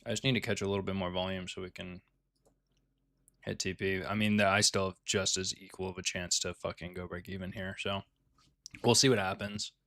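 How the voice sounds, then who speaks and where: Brief: low, gravelly man, laid-back day trader talking through his trades, swears freely. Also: little pitch movement, brisk, sharp tone, no echo. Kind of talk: casual live trading commentary.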